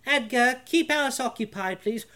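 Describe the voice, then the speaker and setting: A man voicing Isabel, a guarded young woman and ward about to enter society, in a high, clipped, poised voice. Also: moderate pace, sharp tone. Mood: brisk. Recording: background music.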